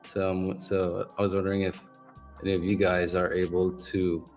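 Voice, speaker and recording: A man explaining something in a rambling, halting way during a casual chat. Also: deep voice, monotone, a little mellow, faint music behind. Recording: distant, reverberant remote mic.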